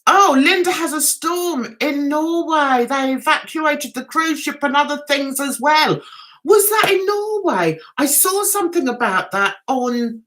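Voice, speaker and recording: A woman's voice: sits high, expressive, unhurried, a bit bright. A woman hosting a casual livestream, chatting to her viewers in a rambling, giggly way.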